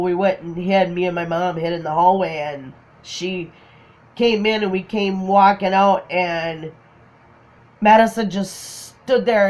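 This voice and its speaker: A middle-aged grandmother tells family stories at an unhurried, easy pace. She laughs often as she talks and slips into little acted-out voices for the people in her tales. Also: lowish voice, darkish tone. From Minnesota, USA. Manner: laughs often, acts out quotes. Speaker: crafting channel host. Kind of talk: casual storytelling chat.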